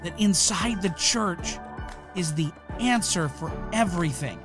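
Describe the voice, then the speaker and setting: A man's voice: high voice, animated, measured pace, over music. A man hosting a podcast, delivering a fired-up, emphatic, preacherly monologue into a close mic. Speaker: podcast host.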